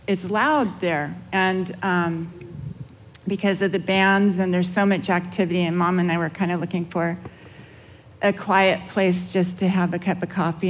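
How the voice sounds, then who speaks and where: A woman with a Californian drawl, her voice sitting a little low as she recounts a personal testimony as an interview guest. She tells it slowly and softly, voicing the people in her story. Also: a little hiss or hum. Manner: slow, soft storytelling, quotes dialogue.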